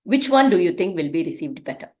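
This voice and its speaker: A woman's voice: lowish voice, sing-song, fast talker, a little mellow. A woman teaching a parenting class in a conversational way, often asking rhetorical questions.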